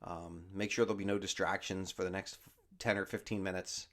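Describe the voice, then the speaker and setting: A man calmly talking listeners through a guided body scan meditation with slow spoken instructions. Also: sits low.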